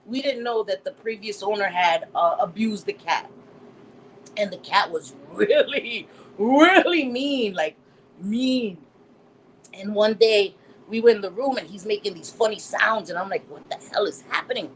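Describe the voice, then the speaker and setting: A middle-aged woman hosting a casual live stream, reading chat comments aloud and telling stories in an animated way, laughing often. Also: mid-range voice, moderate pace, slight background noise, poor audio. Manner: animated storytelling, laughs often, acts out quotes.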